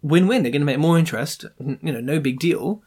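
Guy ranting on his podcast, sarcastic and animated, voice a bit high. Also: fast, husky. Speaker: podcast host, property investor. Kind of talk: casual ranting monologue.

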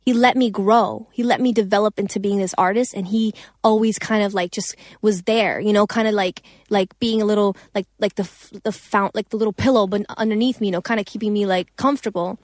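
A woman's voice: mid-range voice, fairly even intonation, fairly quick, hardly any pauses, no echo, clean studio sound. A young woman singer talking casually in an interview, rambling and profane with many restarts. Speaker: singer and songwriter.

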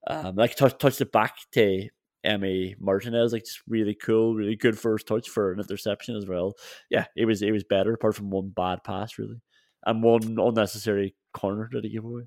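A man's voice: fairly low pitch, steady tone, a little fast, darkish tone, dry recording, studio quality. A man co-hosting a football podcast, chatting casually with laughs and restarts. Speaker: podcast co-host.

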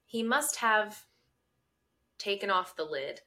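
A woman with a bright, clear voice chats casually as a podcast co-host. She tells her story with animated indignation, her pitch sitting in an ordinary middle range. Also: slow pace.

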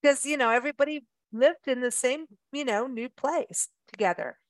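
A woman's voice: high-pitched, moderate pace, no echo. A woman from Africa, hosting a travel radio show in casual chat, chatty and playful with frequent laughs. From South Africa.

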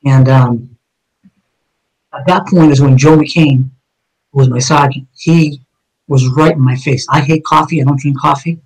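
A man's voice: fairly high pitch, fairly even intonation, unhurried, long pauses, low-quality recording. A man, a police officer, telling his own story in a conversation, blunt and emphatic with heavy cursing.

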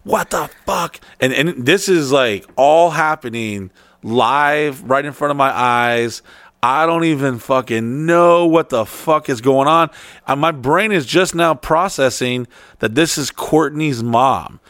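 A man hosting a podcast, telling a story in casual chat, swearing and excitable. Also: medium pitch, measured pace, no echo, studio quality. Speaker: podcast host.

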